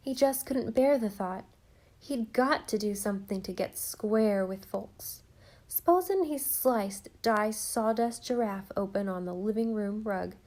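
A woman reads a classic children's novel aloud as an audiobook narrator. Her voice is warm and mellow at a middle pitch. She is expressive and often softens to a hush. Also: measured pace.

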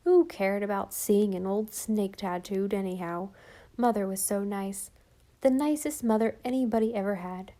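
A woman narrating a storybook audiobook in a gentle, expressive way. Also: medium pitch, moderate pace. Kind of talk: scripted narration.

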